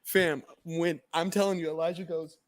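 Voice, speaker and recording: A man's voice: fairly high pitch, flat delivery, normal speed, dry recording, studio quality. A young man in casual podcast chat, slangy, calling everyone bro and fam.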